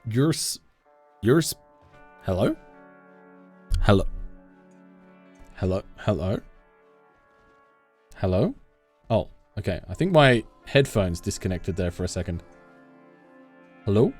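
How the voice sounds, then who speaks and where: A man's voice: fairly low pitch, big pitch swings, takes it slowly, long pauses, darkish tone, husky, faint music behind. A man streaming a game from home, chatting playfully with viewers and reading their messages aloud into a desk mic. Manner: playful, jokey, reads chat aloud. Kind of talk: casual live-stream chat with viewers.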